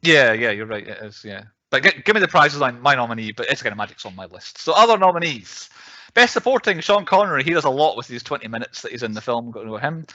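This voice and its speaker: A man's voice: mid-range voice, lively intonation, fast, sharp tone, no echo, muffled recording. A man co-hosting a podcast, chatting casually as he runs through a list with laughs. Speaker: podcast co-host. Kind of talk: casual chat.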